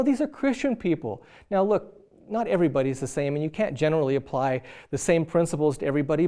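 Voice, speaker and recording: Middle-aged male preacher, warm and mellow, lively storyteller who acts out both sides of a quarrel. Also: fairly high pitch. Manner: animated storyteller acting out both spouses. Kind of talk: sermon on marriage.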